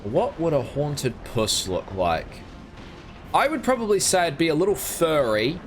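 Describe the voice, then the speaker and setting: A man's voice: a little high, big pitch swings, unhurried, a little hiss or hum. A man streaming a video game, rambling through crude jokes in casual commentary.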